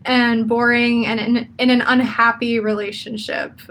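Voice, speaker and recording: A woman's voice: fairly high pitch, level tone, a little slow, fairly bright tone. A young woman in casual chat, chatty and opinionated, laughing often as she talks.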